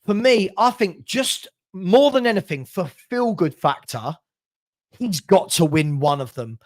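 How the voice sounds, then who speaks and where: A man with a notably high-pitched voice hosts a heated football fan chat. He rants with passion, doubles back on his words and laughs between points. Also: expressive, measured pace, darkish tone. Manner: passionate ranting, repeats himself, laughs often. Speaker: fan channel host.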